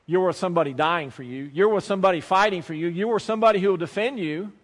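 A man preaches with a notably high voice, repeating phrases for emphasis as he tells a story from the pulpit. His words ring out with a long reverb of a large hall. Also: quick pace. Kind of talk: sermon with personal story.

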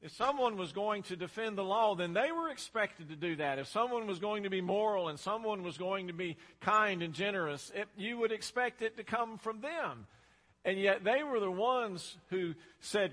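A man's voice: high voice, normal speed, a bit bright. A man preaching a sermon, talking emphatically and repeating himself for effect. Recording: long hall reverb.

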